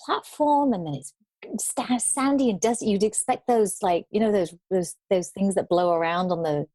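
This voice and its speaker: A woman guest on an interview show, telling travel stories in a lively way and acting out the people she met. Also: mid-range voice, moderate pace, no echo. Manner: animated storyteller, acts out quoted voices. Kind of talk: storytelling interview.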